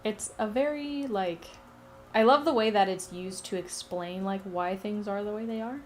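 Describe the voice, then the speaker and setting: A woman's voice: mid-range voice, normal speed, a little mellow, faint music behind. Giggly, foul-mouthed woman telling a story. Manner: profane, giggly, rambling storyteller. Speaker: streamer and map maker. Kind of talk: casual chat, retelling a myth.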